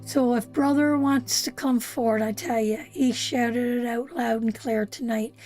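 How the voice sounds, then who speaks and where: High-voiced, slow, heartfelt woman. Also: steady tone, mellow, faint music behind. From Canada. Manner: heartfelt, emotional, talks straight to viewers. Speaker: tarot reader hosting a live stream. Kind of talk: live tarot reading.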